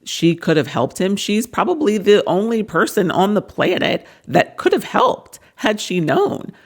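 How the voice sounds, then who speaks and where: Woman host of a book vlog, medium pitch, earnest and talkative, retelling scenes in long runs. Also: sing-song, measured pace. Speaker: book reviewer. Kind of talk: casual book breakdown vlog.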